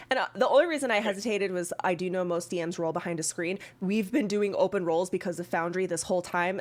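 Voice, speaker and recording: A woman running a tabletop game as dungeon master, lively and chatty, breaking into laughs. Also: fairly low pitch.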